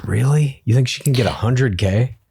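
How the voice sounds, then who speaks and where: A man co-hosting a reality show recap podcast, retelling scenes and acting out quotes in quick, playful voices. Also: medium pitch, vocal fry, warm tone, husky. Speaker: podcast co-host. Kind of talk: casual recap chat.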